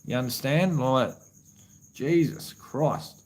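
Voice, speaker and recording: A man's voice: medium pitch, takes it slowly, poor audio. Swearing Australian man on a live stream. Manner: profane, rambling, calls viewers man and brother. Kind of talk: casual live-stream chat.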